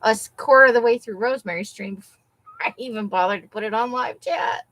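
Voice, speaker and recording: A woman's voice: a little high, fast talker, a bit bright, low-quality recording. A woman hosting a casual crafting livestream from her craft space at home, rambling and talking to herself as she digs through her supplies. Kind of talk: casual live-stream chat.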